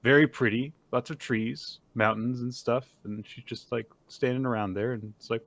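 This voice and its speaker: Bright-voiced man recapping a story. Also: medium pitch, normal speed, gravelly, no room sound. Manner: animated storyteller, acts out quotes in bursts. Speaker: podcast co-host. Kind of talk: casual chat recapping manga.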